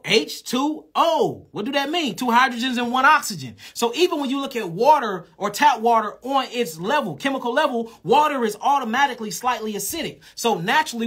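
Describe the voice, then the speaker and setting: Man, holistic health teacher; high, husky voice; emphatic, blunt, profane lecturing. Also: a bit bright.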